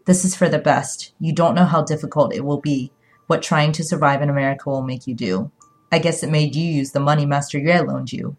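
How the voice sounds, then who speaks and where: A woman reading an audiobook, voicing a calm young man who speaks softly and with measured patience. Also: sits low. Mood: patient. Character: calm, smooth-talking young man, soft and condescending.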